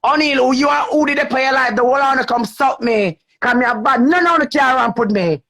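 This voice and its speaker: A man with a Jamaican accent in a defiant, cursing vlog rant, often shouting. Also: very high-pitched, fairly quick, creaky. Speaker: vlogger. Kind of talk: heated live rant.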